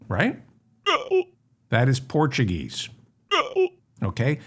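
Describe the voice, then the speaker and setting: Male comedy news host, dry and mock-grave, slow-paced, wide-ranging pitch. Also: slightly rough. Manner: deadpan mock-serious, with sudden indignant outbursts. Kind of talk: satirical news monologue.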